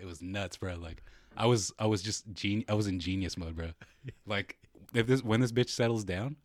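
A man's voice: fairly low pitch, moderate pace, no room sound, studio quality. A young man co-hosting a podcast, telling a story in profane casual chat and acting out quotes with energy. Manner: profane storytelling, animated quoting. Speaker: podcast co-host.

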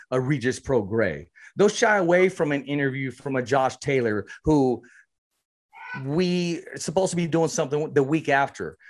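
A man hosting a boxing podcast who asks questions earnestly and often stumbles and repeats words. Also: fairly high pitch. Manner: earnest, repetitive, stumbling restarts. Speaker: podcast host. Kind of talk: casual interview.

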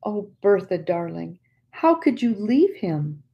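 A woman reading aloud the lines of a gentle, grieving woman friend, soft and sorrowful, close to her own voice. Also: medium pitch, very animated, slow, creaky, highs cut off, voice pushed up, exaggerated voice.

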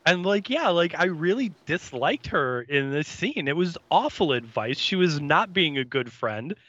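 Bright-voiced man on a dry, dull mic. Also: a little high, very animated, measured pace, no echo. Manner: chatty, hesitant, many fillers and voiced quotes. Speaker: podcast co-host. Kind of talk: casual recap chat.

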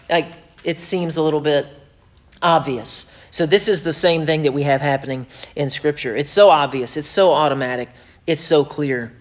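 A pastor preaches with emphasis, punching key phrases and dropping into quick asides. He slips into mocking voices when he quotes others. His voice sits a little high for a man. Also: a bit bright. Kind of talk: sermon.

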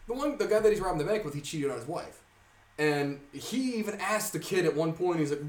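A young man in casual podcast chat, retelling a story with heavy swearing, frequent laughter and rising excitement. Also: a little high, quick pace, far from the mic. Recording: roomy sound from off mic.

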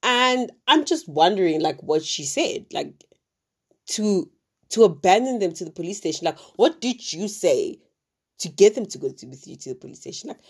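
A woman's voice: fairly low pitch, big pitch swings, normal speed, darkish tone, husky. A woman from Africa, casually retelling a true crime story with many fillers and asides.

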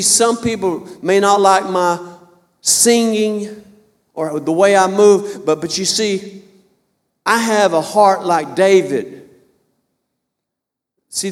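Male preacher, 50s, high-pitched, fervent and repetitive, in a reverberant sanctuary. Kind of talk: sermon.

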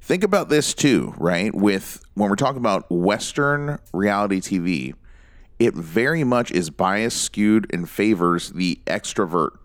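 A man's voice: on the low side, expressive, unhurried, no echo, clean studio sound. A man in casual podcast chat, musing aloud and rambling between points.

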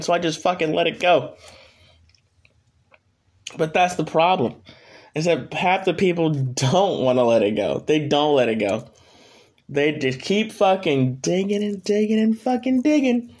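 A young man hosting his own podcast, ranting casually in a blunt, profane, rambling way. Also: on the high side. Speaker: podcast host. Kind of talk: casual solo podcast rant.

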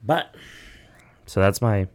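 A man's voice: fairly low pitch, expressive, takes it slowly, darkish tone. A young man hosting a podcast, telling long, rambling, profane stories in casual chat, with lots of "like" and "you know". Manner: rambling, profane storytelling full of "like". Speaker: podcast host.

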